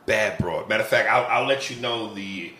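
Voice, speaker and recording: A man hosting a podcast, talking casually and excitedly with slang and swearing. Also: medium pitch, a little fast. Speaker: podcast host. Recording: roomy, distant mic with faint background hum.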